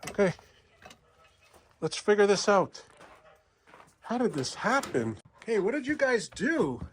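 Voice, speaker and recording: A man vlogging outdoors on his farm, talking casually to the camera and gently chatting to his cats, ducks and geese. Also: sits high, very animated, measured pace, slight background noise. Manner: chats softly to his animals. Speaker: homesteading vlogger. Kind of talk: casual farm vlog talk.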